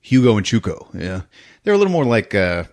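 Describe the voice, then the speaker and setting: A man hosting a podcast, casually recapping a film scene by scene, laughing often and acting out the characters' lines in squeaky voices. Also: very animated, fairly quick, very noisy. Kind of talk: casual movie recap chat.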